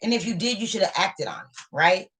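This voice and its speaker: A woman's voice: mid-range voice, lively intonation, brisk, fairly bright tone, a little hiss or hum. A woman giving a live tarot reading to viewers, talking in a motivational way and repeating her points for emphasis. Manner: repetitive, motivational, affirming. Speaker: tarot reader.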